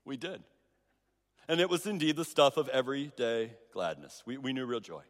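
A man's voice: mid-range voice, lively intonation, moderate pace. A middle-aged man preaching a sermon, telling stories with restarts and emphatic repeats. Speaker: pastor. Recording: long reverb of a large hall.

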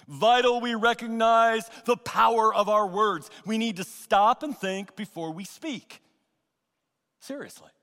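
A man preaching a sermon as pastor, earnest and emphatic, with pauses and repeated phrases. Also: high-pitched, a bit bright, long reverb tail. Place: church sanctuary.

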